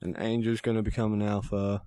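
A man's voice: lowish voice, little pitch movement, a little fast, mellow, clean tone, dry recording, studio quality. A man with an Australian accent, a guest on a casual podcast, rambling as he thinks aloud. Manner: rambling, restarts and fillers while thinking aloud.

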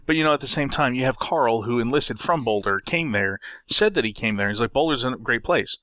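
A man's voice: mid-range voice, fairly quick, pushed and bright, no echo, clean studio sound. A man co-hosting a casual podcast, rambling and swearing offhandedly as he jokes. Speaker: podcast co-host.

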